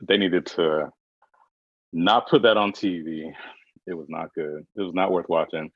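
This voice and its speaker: A man co-hosting a casual pop culture chat, sassy and dismissive with drawn-out asides. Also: low-pitched, steady tone, slightly rough, no echo. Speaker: podcast co-host. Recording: dry, dull lo-fi sound.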